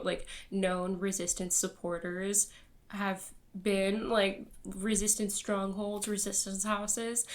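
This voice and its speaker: A young woman reviewing a book in casual, rambling chat, laughing often and filling her talk with fillers. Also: medium pitch.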